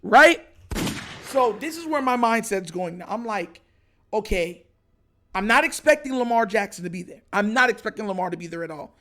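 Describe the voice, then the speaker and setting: A man hosting his own podcast, telling a story casually and acting out excited moments. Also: high-pitched, normal speed. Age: adult. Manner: animated, retells others' lines with raised excited voice. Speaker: podcast host.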